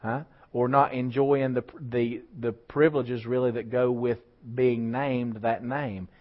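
A man's voice: medium pitch, a little slow. Male pastor preaching. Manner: animated preaching with rising emphasis and asides to the congregation. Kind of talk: sermon. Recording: slightly dull lo-fi church recording.

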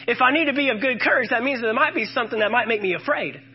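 A man's voice: very high-pitched, racing, breathy edge, highs cut off. A man preaching a sermon, quoting scripture with emphasis and calling out questions to the congregation.

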